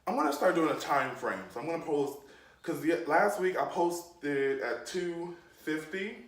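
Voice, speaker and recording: Animated young man telling a storytime. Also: fairly high pitch, a little slow, recorded from a distance. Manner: animated, acts out quoted people in shifting voices. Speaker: YouTube storyteller. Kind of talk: storytime vlog. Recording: roomy echo, off from the mic.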